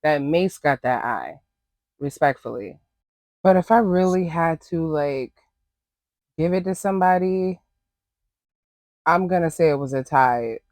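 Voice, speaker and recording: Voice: mid-range voice, animated, a little slow, long pauses, no room sound. A host giving casual, sassy reaction commentary on a reality show, blunt and full of rambling asides.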